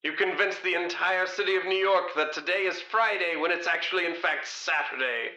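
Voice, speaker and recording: A man's voice: high-pitched, brisk, sharp tone, echoey room, dull audio. A man voicing a gleeful, scheming male city mayor in a comedy audio sketch, gloating.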